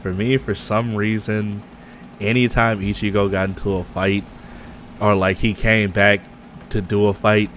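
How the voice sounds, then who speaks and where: A man's voice: lowish voice, flat delivery, unhurried, fairly bright tone, slight background noise. A man hosting a livestream, chatting casually and animatedly, acting out quotes and laughing as he goes. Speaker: streamer host. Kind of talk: casual chat.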